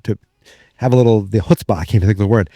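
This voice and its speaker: A lower-pitched man with a New England accent chats through a sitcom plot for his podcast, darting between thoughts and restarting sentences. His voice is mellow and relaxed, recorded dry and close with almost no room sound. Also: fast, no echo. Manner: rambling, excitable, lots of fillers and restarts. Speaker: podcast host. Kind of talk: casual episode recap.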